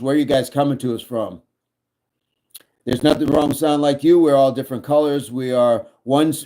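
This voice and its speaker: A man's voice: mid-range voice, mellow. Playful man reading his live chat. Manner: playful, jokey, reads viewer comments aloud and answers them. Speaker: livestream host. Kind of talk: casual livestream chat reading comments.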